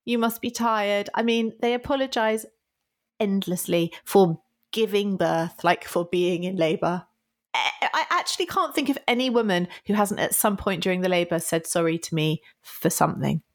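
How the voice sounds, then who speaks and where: A woman's voice: lowish voice, normal speed. Chatty woman podcast co-host. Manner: laughs often, acts out apologetic quotes. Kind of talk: casual chat.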